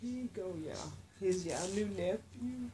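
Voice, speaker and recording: A woman's voice: mid-range voice, lively intonation, measured pace, warm tone, a little hiss or hum. A woman talking to her viewers in a casual unboxing vlog, gushing and exclaiming as she opens a package. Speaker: reborn doll collector.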